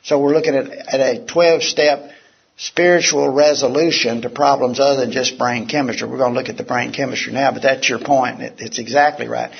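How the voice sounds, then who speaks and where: Man, gravelly voice, candid lecturer to a live room; lo-fi tape, faint hiss. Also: mid-range voice. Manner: candid, conversational, acts out quotes. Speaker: physician speaker. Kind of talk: recovery talk to a live audience. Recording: dull lo-fi talk recording with faint hiss.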